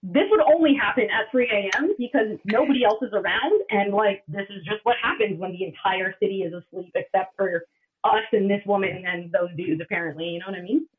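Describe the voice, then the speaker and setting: A podcast guest chatting casually, trailing off between thoughts. The voice is mid-pitched. It comes through a thin, tinny line like a phone call. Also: a little fast.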